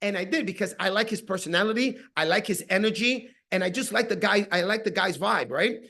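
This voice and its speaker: Energetic man with a high voice, sales coach on a video call, playful and punchy. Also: a little fast, vocal fry. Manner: animated, acts out phone calls, says "right?" often. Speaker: team leader giving sales training.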